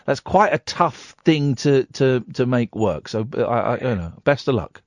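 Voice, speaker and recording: A man hosting a late-night radio phone-in, animated, jokey and teasing. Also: medium pitch, normal speed, no echo, muffled recording. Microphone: studio microphone.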